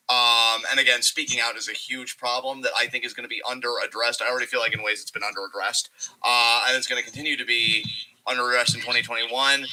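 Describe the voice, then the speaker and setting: A man with a very bright, sharp voice at a middle pitch, co-hosting a podcast. He rambles in a loose, casual way, swearing and making dark, wry jokes. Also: rough recording. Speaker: podcast co-host.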